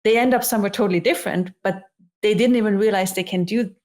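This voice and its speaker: A middle-aged woman, a non-native English speaker, talking as an interview guest, with halting restarts, often acting out quoted dialogue. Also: medium pitch, darkish tone. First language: not English. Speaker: guest, psychology author. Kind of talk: interview conversation.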